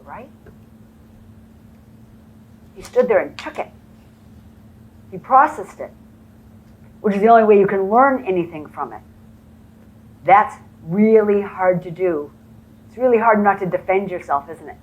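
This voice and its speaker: A woman's voice: medium pitch, expressive, unhurried, pauses often, darkish tone, highs cut off. A woman training real estate agents, telling stories and acting out the dialogue in a motivational presentation. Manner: storytelling, acts out quoted dialogue. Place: conference room before a live audience.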